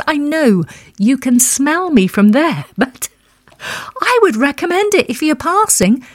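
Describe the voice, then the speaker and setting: Woman radio presenter, chatty and gushing, very lively pitch, dry close studio sound. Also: slow pace, dry recording. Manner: gushing, chatty, laughs between words. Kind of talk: chatty radio link between songs. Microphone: studio microphone.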